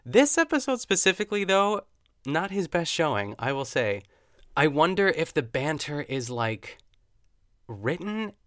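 A man's voice: a little high, sing-song, unhurried, a bit bright, no room sound, clean studio sound. A man hosting his own podcast, chatting casually and gushing with self-deprecating asides. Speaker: podcast host. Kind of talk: casual solo podcast recap.

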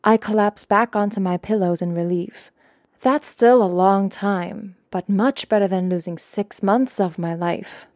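A young adult woman reading a first-person story aloud in a calm, even narration with quiet character voices. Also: mid-range voice, unhurried, no echo, studio quality. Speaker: audiobook narrator.

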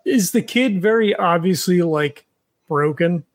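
A man's voice: sits high, expressive, a little slow, dry recording. A man playing a tabletop game, chatty and full of questions. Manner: chatty, questioning, many restarts. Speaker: player.

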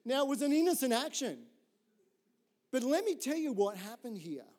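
A middle-aged man preaches with a fairly high voice. He tells his story in a lively, chatty way and keeps tossing "right?" to the listeners, moving easily between humour and earnest points. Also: moderate pace. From Australia. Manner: animated, conversational, often asks "right?". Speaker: pastor. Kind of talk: sermon with storytelling.

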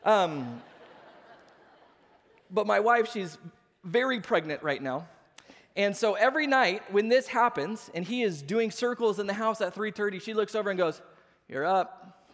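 Pastor in his thirties, high-pitched male voice, sermon full of acted-out anecdotes, echoing sanctuary. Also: normal speed, long pauses. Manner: animated storytelling, acts out voices. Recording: long hall reverb.

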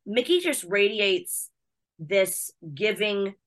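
A woman from the United States, a wrestling personality chatting as an interview guest, bubbly, excitable and chatty. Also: medium pitch, slow. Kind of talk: casual chat.

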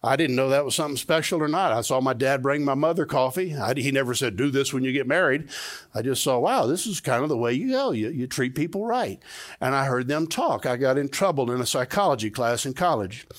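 A man's voice: mid-range voice, expressive, fairly quick. A middle-aged man preaching a sermon to his congregation in a conversational way, often repeating key phrases and having the listeners say them back. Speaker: pastor. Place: church sanctuary.

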